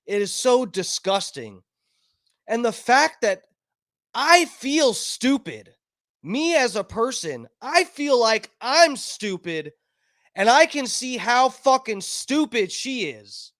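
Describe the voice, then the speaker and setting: A man's voice: very high-pitched, very animated, takes it slowly, fairly bright tone, no room sound, clean studio sound. A man commentating online in an angry, profane political rant, repeating himself as he goes.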